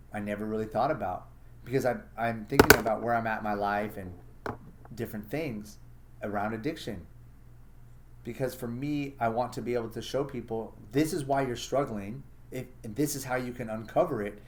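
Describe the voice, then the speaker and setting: A man hosting a casual solo monologue, blunt and profane, acting out his own inner thoughts as he talks. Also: medium pitch. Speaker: podcast host.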